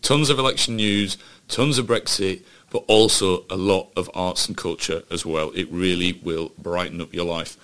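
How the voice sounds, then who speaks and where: A man's voice: sits low, steady tone, moderate pace, fairly bright tone. A man co-hosting a casual political podcast, dropping dry quips and short interjections, then reading the sign-off. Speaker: podcast co-host.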